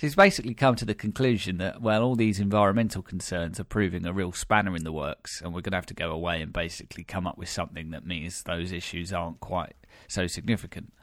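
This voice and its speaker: A man's voice: deep voice, fairly even intonation, fast, hardly any pauses, fairly bright tone, no room sound, clean studio sound. A British man hosting a podcast, chatting wryly with many fillers and restarts. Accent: British English. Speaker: podcast host. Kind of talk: casual podcast chat.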